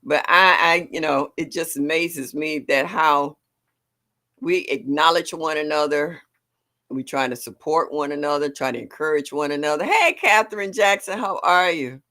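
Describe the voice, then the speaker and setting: Bright-voiced older woman hosting a live chat. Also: low voice, moderate pace. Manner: warm, chatty, greets viewers by name; emotional, sighing and laughing. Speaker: livestream host. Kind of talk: casual live-chat stream.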